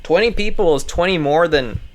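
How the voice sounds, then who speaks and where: A man's voice: a little high, moderate pace, a little hiss or hum. A man casually reading an article aloud. He rambles, swears often and stumbles over words as he comments along the way.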